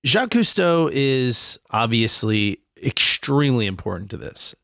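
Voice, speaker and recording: A man's voice: mid-range voice, very animated, vocal fry, a bit bright, dry recording. Dry-voiced rambling podcast guy. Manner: rambling, drawn-out, laughs often. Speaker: podcast co-host. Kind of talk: casual comedy chat.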